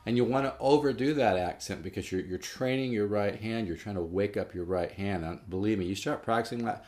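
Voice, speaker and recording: Low-voiced man teaching guitar. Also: brisk. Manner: rambling, restarts, emphatic about practice. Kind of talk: casual guitar lesson. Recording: faint guitar playing behind.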